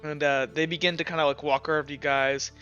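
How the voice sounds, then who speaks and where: A man's voice: on the high side, flat delivery, fast talker, muffled recording, over music. A man narrating as game master, rambling with many fillers and some swearing.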